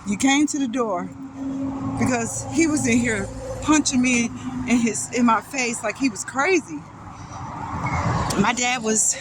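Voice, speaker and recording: A woman from North Carolina telling a painful personal story in a halting, sighing way, with restarts. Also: a little high, background noise. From North Carolina, USA. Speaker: vlogger telling her life story.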